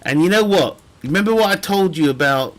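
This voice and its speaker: A man's voice: high-pitched, lively intonation, brisk. Jokey man streaming a game. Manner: rambling, jokey, laughs often. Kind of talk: casual chat while gaming.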